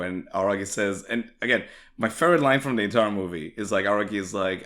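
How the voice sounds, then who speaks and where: A man with a very low voice co-hosts a casual discussion podcast. He gushes with enthusiasm, swears freely and strings thoughts together with plenty of filler words. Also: fast talker, hardly any pauses, a bit bright. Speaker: podcast co-host.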